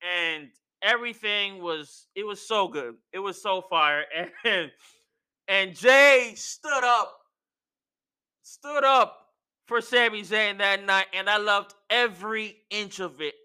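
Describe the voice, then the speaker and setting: A young man excitedly recapping wrestling in a casual, slangy, animated way. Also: high-pitched, takes it slowly, clear, resonant tone.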